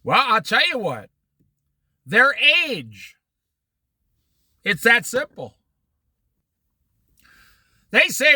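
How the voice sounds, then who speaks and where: Man, middle-aged, Bible study teacher, very lively pitch, dry close sound. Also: extremely slow, long pauses, slightly rough, no room sound. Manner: animated storytelling with quoted voices.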